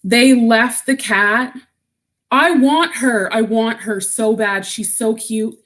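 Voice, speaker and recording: A woman chats casually with her livestream viewers, answering their comments as she goes. She talks at a slow, unhurried pace. She gets emotional and sounds close to tears. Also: fairly high pitch, a bit bright. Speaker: vlogger.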